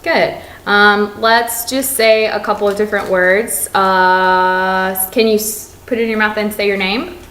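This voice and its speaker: A young woman, a speech therapy student clinician, explains and models exercises in a recorded teaching demonstration, often pausing with "um". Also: medium pitch, fairly even intonation, a bit bright. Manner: explanatory, with frequent um fillers. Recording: roomy echo.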